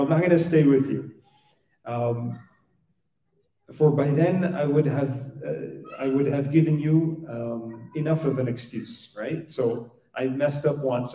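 A man retells a sacred story in a relaxed, conversational sermon, voicing each character as he goes. His voice sits a touch high but sounds dark and mellow. He stands back from the microphone, and the room echoes around him. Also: far from the mic. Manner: conversational, acts out dialogue with lots of "right?". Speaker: religious teacher.

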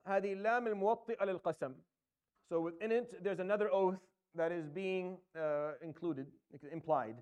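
A man's voice: high-pitched, fairly quick, darkish tone, clean tone, highs cut off. A man teaching a Quran tafsir lesson, explaining Arabic grammar step by step and reciting verses, with frequent fillers and restarts.

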